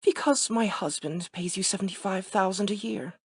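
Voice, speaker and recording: Man doing a flirty, husky wealthy wife. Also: sits high, moderate pace, no echo, clean studio sound, pitched above the performer's own voice. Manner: playful, teasing, lightly sultry.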